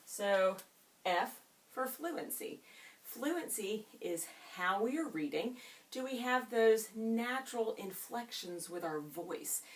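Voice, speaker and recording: Expressive woman teacher, a little off-mic. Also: medium pitch, recorded from a distance. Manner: expressive, drawn-out teacherly delivery with questions to students. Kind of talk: classroom reading lesson. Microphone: camera set up in the room.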